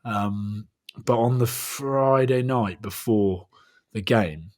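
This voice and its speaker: A man co-hosting a casual sports podcast, telling stories in an animated way and laughing often. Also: fairly low pitch, takes it slowly. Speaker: podcast co-host and rugby commentator.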